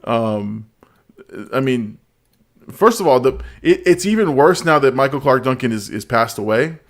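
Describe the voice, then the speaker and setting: A man's voice: mid-range voice, animated, moderate pace. Guy hosting a live stream, laughs a lot, reads out chat, casual. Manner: laughs often, repeats words, reads chat aloud.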